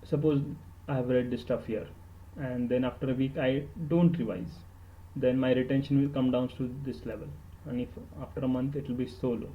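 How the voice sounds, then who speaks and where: A man with an Indian accent shares study tips on an instructional podcast, earnest and emphatic, repeating words for emphasis and slipping into Hindi. His medium-pitched voice is fairly even, at normal speed with few pauses, and the recording is muffled.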